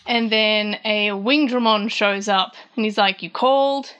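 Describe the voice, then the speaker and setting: The audio is dull as an Australian podcast host recaps a manga chapter in a chatty way, her voice rising for quoted lines. She speaks at a measured pace in a mid-range voice with fairly even intonation and a sharp, smooth tone. Fillers and restarts come up often.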